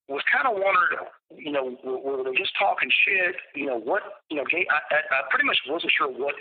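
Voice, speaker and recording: A man recounting a personal story over a phone call, blunt and profane, in a matter-of-fact way. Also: medium pitch. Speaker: interviewee. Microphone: telephone. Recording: tinny phone line.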